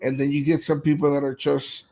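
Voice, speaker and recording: A man's voice: a little high, flat delivery, brisk, mellow. A man, a dog breeder, talking casually about his dogs and litters, laughing easily and trailing off mid-sentence. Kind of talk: casual chat.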